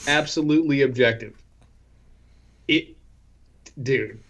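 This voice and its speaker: A man's voice: medium pitch, slow pace, fairly bright tone. A man co-hosting a film podcast, chatting casually and wryly, hedging his opinions and restarting sentences. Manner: hedging, wry, lots of restarts. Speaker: podcast co-host.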